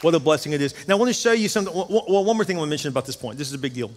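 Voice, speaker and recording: A man's voice: fairly high pitch, expressive, rapid-fire, slight background noise. A pastor in his fifties preaching a sermon in a church sanctuary, emphatic and full of storytelling. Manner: emphatic preaching, storytelling with rising and falling intensity. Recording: long hall reverb.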